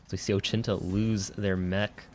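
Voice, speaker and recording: A man's voice: low voice, little pitch movement, moderate pace, slight background noise. A man doing color commentary on a live esports match, laid-back and analytical with the odd joke. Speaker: esports co-caster.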